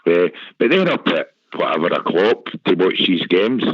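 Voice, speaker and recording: A man on a radio panel speaks in a fairly low voice, and the sound is dry and a bit dull. He tells stories and throws in animated asides. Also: moderate pace, husky, no echo. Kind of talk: casual radio banter.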